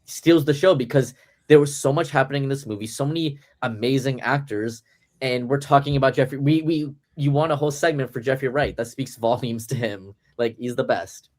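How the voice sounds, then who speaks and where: A man on a podcast panel speaks with emphatic enthusiasm, leaning hard on his praise. His voice sits at an ordinary middle pitch, and his delivery stays casual and conversational. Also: fairly quick, darkish tone. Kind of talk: casual film discussion.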